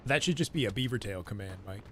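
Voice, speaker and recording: A man's voice: fairly low pitch, lively intonation, fast talker, sharp tone, slight background noise. A man from Canada talking loosely to his chat while watching and calling gameplay, casual and reactive. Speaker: livestreamer. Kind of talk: casual stream chat and game commentary.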